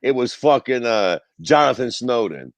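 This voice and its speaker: A man's voice: mid-range voice, big pitch swings, normal speed, no room sound. A man co-hosting a casual podcast who talks bluntly and dismissively, swearing often. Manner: blunt, heavily profane, dismissive. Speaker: podcast co-host.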